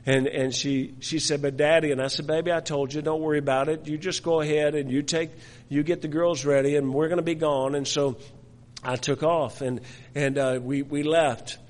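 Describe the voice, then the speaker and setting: A man's voice: fairly high pitch, steady tone, normal speed. An older man preaching, telling a personal story with many restarts and repeated words. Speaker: pastor. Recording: long hall reverb.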